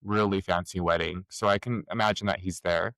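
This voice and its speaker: A man's voice: deep voice, steady tone, fairly quick, fairly bright tone, no room sound. A man co-hosting a podcast, telling a rambling story in casual chat, filling his talk with "like". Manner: rambling, heavy on "like", laughs often. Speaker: podcast co-host.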